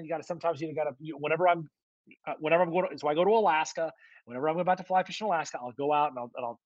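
A man from the United States co-hosting a comedy podcast, chatty and quick to laugh as he riffs on tangents. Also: on the high side, no echo, lo-fi sound. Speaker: podcast co-host. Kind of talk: casual comedic chat.

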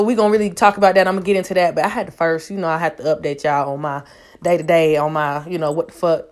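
A young woman in her twenties talks straight to her viewers in a loose storytime monologue. She is loud and profane, and she keeps leaping up into high-pitched squeals for emphasis. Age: 20s. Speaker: vlogger.

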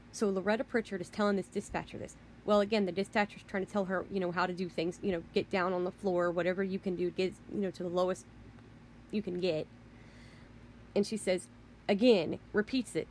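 Woman, vlogger, indignant storytelling rant; mid-pitched, rambling, swears when exasperated. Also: a little fast, slight background noise. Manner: indignant, rambling, repeats "you know" and "I mean".

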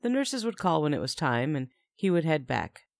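A woman's voice: low-pitched, very animated, moderate pace, vocal fry, no echo, studio quality. A young woman narrating a first-person story in a chatty tone with wry asides.

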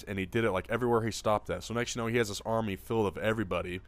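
A man's voice: fairly low pitch, fairly even intonation, very fast. A man co-hosting a podcast in casual chat, rambling and swearing freely and acting out voices in the stories he tells. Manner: rambling, profane, acts out quoted voices. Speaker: podcast co-host.

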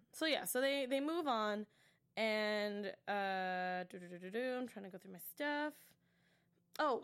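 A woman with a somewhat high voice hosts a TV after-show and recaps an episode in loose, chatty talk. She is animated, acting out the characters' lines and slipping into whispered asides. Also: smooth. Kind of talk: casual episode recap chat.

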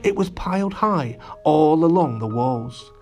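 A man reading a children's story aloud and chatting warmly to the boys and girls listening, with lots of animated emphasis. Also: fairly high pitch, a little slow, faint music behind. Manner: lively, addressing children directly.

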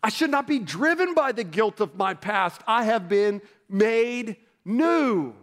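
A man's voice: high-pitched, sing-song, slow pace. A man preaching a sermon in a conversational style, acting out quoted voices and building to emphatic peaks. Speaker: pastor.

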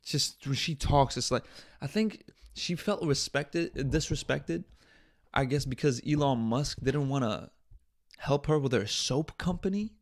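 Gravelly-voiced man ranting on a podcast. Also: mid-range voice, measured pace. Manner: blunt, profane, exasperated. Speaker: podcast host. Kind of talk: casual solo podcast rant.

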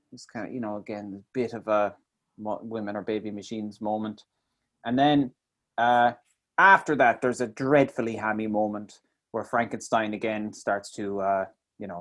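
A man's voice: lowish voice, normal speed. A man in casual chat, reviewing a film with mocking asides and swearing. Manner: animated, swearing, mocking impressions. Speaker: podcast co-host.

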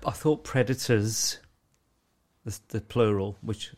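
A man's voice: lowish voice, steady tone, takes it slowly, darkish tone. A man co-hosting a casual podcast chat, sweary and laughing a lot, often mimicking voices in quotes. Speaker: podcast co-host.

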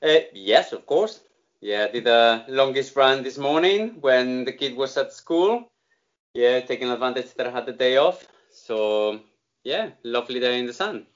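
A man from Spain with a Spanish accent, a native Spanish speaker, answering interview questions in a relaxed, easygoing way as a podcast guest. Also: mid-range voice, measured pace, dull audio.

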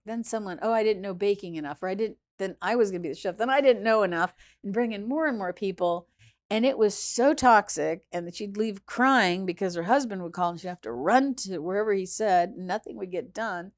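Animated woman telling a story. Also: medium pitch, fairly quick. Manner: animated, acts out quoted voices, swings between hushed and loud. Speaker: chef and restaurant founder, guest. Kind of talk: casual interview storytelling.

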